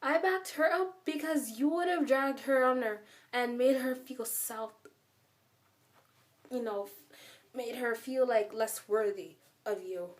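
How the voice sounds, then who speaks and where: A woman's voice: fairly high pitch, slow pace. A woman vlogger telling a story in a casual, rambling way, filling her speech with "like" and stressing her points hard. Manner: rambling and emphatic, heavy use of filler "like". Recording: voice a bit far from the mic.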